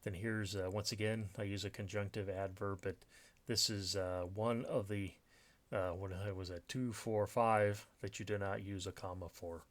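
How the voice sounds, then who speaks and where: A man's voice: lowish voice, steady tone, moderate pace. A man teaching a recorded grammar lesson over slides, explaining step by step with many fillers and restarts. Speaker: writing instructor.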